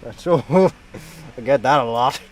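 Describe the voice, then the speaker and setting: A man's voice: mid-range voice, measured pace, faint music behind. A man streaming a game, chatting casually, laughing often and exclaiming at the screen.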